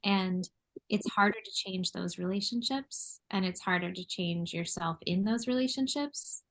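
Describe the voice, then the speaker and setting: A woman of middling pitch speaking as a podcast guest in easygoing conversation. She thinks aloud, reflective and friendly, and laughs often between her points. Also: moderate pace. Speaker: artist and designer, podcast guest. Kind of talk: casual chat. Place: New York.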